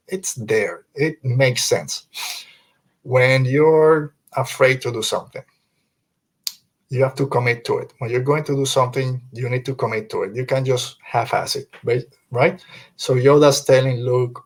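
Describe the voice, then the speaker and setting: A man's voice: mid-range voice, fairly even intonation, moderate pace. A man hosting a fan podcast, talking earnestly and emphatically, quoting film lines and repeating himself to drive a point home. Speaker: podcast host.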